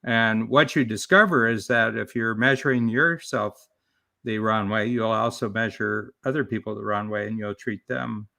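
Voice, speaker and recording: A man's voice: lowish voice, normal speed, creaky, bright, forceful tone. A man talking as a business coach and author in a live-streamed interview, explaining his ideas in a rambling way with many restarts.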